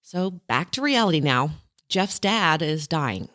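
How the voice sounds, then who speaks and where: A woman's voice: deep voice, expressive, measured pace, a bit bright, no echo, studio quality. A woman hosting a podcast, narrating scripted links in a dramatic tone. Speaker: podcast host.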